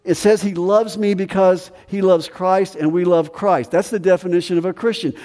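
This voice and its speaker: Male pastor, earnest sermon delivery, mellow tone, long reverb of a big room. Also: high voice, fairly even intonation. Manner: earnest preaching, slowing on key phrases and rising with emphasis.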